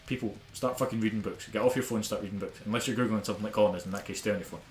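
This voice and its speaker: A man's voice: fairly low pitch, steady tone, very fast, faint music behind. A young man with a Scottish accent picked up from Glasgow, a podcast co-host ranting in casual, sweary talk. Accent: Scottish, Glaswegian-tinged. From Scotland. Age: young adult. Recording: echoey room with faint background noise.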